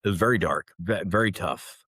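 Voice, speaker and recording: A man in his fifties speaks in a fairly low voice with earnest intensity, stumbling over restarts and then pressing hard on key words. The recording is dry and close, with no room sound around him. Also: fairly quick, bright, forceful tone, slightly rough, no echo. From United States. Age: 50s. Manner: earnest, intense, with frequent restarts and emphatic rises. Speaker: podcast guest, former fighter pilot. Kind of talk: candid interview conversation.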